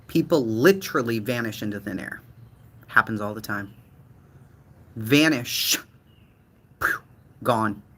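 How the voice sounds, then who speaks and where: Animated true-crime host. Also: male voice, on the low side, a little hiss or hum. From Boston, USA. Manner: animated, profane, dramatic repetition.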